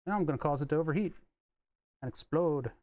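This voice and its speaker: Speaking fast in a darkish, somewhat high voice, a man tinkers with electronics at his workbench on a live stream. He rambles wryly into a desk microphone, swearing now and then.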